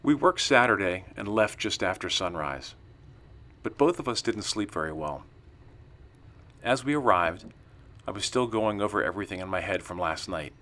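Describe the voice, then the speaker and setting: Low-voiced man narrating a campfire tale. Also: moderate pace. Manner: calm storytelling, acts out quoted lines. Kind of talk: scripted narration of a witness story.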